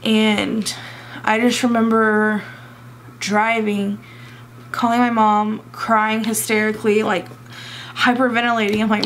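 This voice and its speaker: A young woman vlogger telling a personal story in an emotional, halting way, close to tears and full of fillers. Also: fairly high pitch, level tone, a bit bright, a little hiss or hum.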